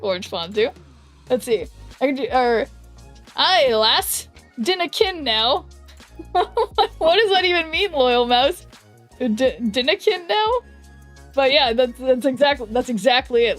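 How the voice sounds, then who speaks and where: Young woman, rambling streamer chat, fairly high voice, faint music behind. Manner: rambling, many fillers, laughs often. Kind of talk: casual livestream chat. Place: her hot bedroom with a fan blowing.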